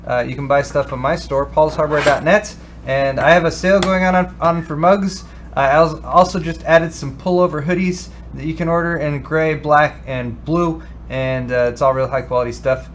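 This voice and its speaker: A man's voice: fairly high pitch, steady tone, moderate pace, a little hiss or hum. A man co-hosting a casual tech show, talking loosely with frequent restarts and fillers. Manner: rambling, restarts with many ums and uhs. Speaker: co-host. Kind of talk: casual chat.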